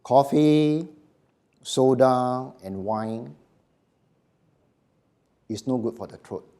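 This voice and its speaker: A man's voice: medium pitch, very slow, mellow. A middle-aged man giving a live voice workshop in short, emphatic phrases, often checking in with the audience. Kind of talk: live seminar lecture.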